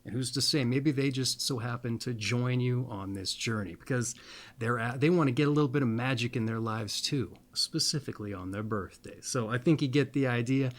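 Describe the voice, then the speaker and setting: A man hosting an astrology video, rambling playfully with little asides, then reading a birthday text slowly and deliberately. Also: medium pitch. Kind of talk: casual monologue and reading aloud.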